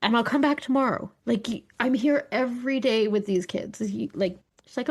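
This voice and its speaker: A woman in her forties from Alberta, co-hosting a podcast in casual chat, telling animated stories full of swearing, acted-out quotes and laughter. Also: a little high, moderate pace, husky. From Alberta, Canada. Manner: animated storyteller, swears freely, acts out quotes, laughs often. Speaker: podcast co-host.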